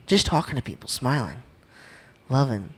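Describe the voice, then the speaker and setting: A man's voice: medium pitch, sing-song, unhurried, a little mellow, husky. A young man giving an upbeat, joking church talk, often asking the crowd questions. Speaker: youth speaker.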